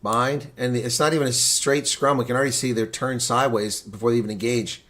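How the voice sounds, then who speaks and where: A man giving live reaction play-by-play commentary of a rugby match for his stream, shifting from calm calling to loud outbursts and answering viewers in chat. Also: mid-range voice, a little fast. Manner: excitable, swings from calm calling to loud outrage; talks to chat viewers between plays.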